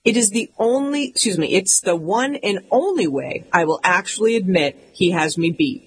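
A woman's voice: medium pitch, expressive, moderate pace, breathy edge, rough recording. A woman reading a comic memoir aloud in an emphatic, mock-indignant way. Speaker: audiobook narrator. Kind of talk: scripted comic memoir narration.

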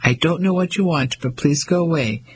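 A man voicing a brisk young English lady who speaks in clipped, firm tones. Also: a little high, a little hiss or hum, lightly acted, poor audio.

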